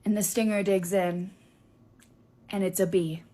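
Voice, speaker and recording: Young woman, casual animated storytelling voice, mid pitch. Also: unhurried. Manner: animated, chatty, filler-heavy.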